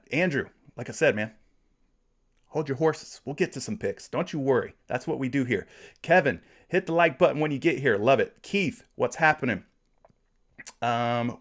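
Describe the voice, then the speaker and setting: A man in his thirties from Florida, hosting a casual sports betting livestream and chatting through viewer comments. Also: medium pitch. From Florida, USA. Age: 30s. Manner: reads viewer comments aloud, friendly and chatty.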